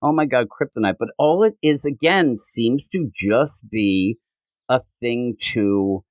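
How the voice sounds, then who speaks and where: A man co-hosting a comic book podcast, retelling scenes in casual chat and slipping into quick character voices. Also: medium pitch, lively intonation, dry recording. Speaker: podcast co-host.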